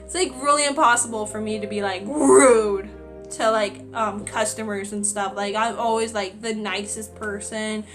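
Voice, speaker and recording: A woman's voice: medium pitch, steady tone, moderate pace, fairly bright tone, soft background music. A woman in her twenties, a retail worker, telling a storytime vlog in a chatty, exasperated way with lots of "like.". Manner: chatty, exasperated, many "like" fillers.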